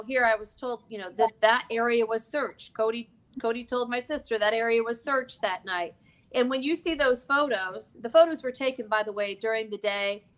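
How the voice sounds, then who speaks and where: High-voiced woman telling a story with many asides. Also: fairly bright tone. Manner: digressive, emphatic, many asides. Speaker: podcast guest. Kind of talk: casual conversational storytelling.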